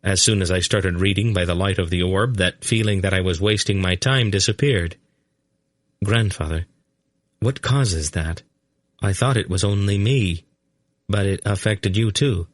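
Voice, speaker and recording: A man's voice: low voice, measured pace, dry recording, clean studio sound. A man reading a grim, insistent young man. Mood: earnest.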